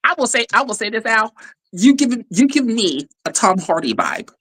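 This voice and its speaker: A man's voice: high voice, big pitch swings, moderate pace, a bit bright, slightly rough. An American man in a casual online chat, playful and giggly, often saying "you know.".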